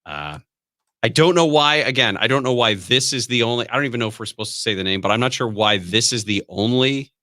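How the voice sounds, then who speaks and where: Bright-voiced male radio host, halting. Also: mid-range voice, expressive, no room sound. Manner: rambling, halting with many fillers. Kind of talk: casual radio chat. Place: radio studio.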